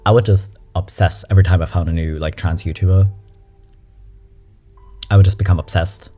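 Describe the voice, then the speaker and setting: A young adult nonbinary vlogger reacting to memes in a chatty, frank, animated way, swearing casually. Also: low-pitched, moderate pace, soft background music. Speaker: meme reaction host. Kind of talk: casual meme commentary.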